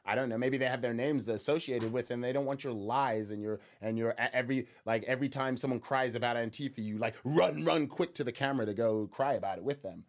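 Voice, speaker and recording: A man talks through a news clip in loose, offhand commentary, his voice sitting at an ordinary middle pitch. His tone is sarcastic and mocking. He rambles, stumbling over restarts and repeating words as he goes. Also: quick pace, few pauses. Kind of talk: casual reaction commentary.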